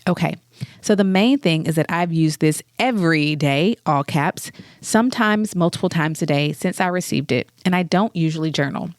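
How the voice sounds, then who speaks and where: A woman's voice: sits low, moderate pace, no echo, clean studio sound. A woman hosting a solo podcast, talking in an earnest, reflective, conversational way, a little congested. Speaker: podcast host.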